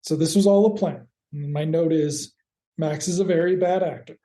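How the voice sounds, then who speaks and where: A woman co-hosting a podcast, recapping an episode in a wry, deadpan way. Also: low voice, normal speed, reverberant. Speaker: podcast co-host.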